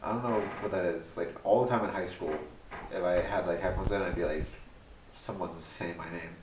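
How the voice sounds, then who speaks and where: A man's voice: low voice, fairly quick. A man co-hosting a podcast with dry, offbeat jokes in casual chat. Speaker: podcast co-host. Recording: distant mic, roomy echo, clear hiss.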